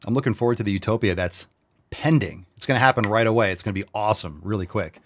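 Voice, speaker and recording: A brash, profane man in his forties from New York hosts a casual fitness show. His voice sits on the low side, and he riffs loudly on viewer meals, cutting in with sound effects. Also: quick pace, slight background noise. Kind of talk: casual chat reading viewer posts.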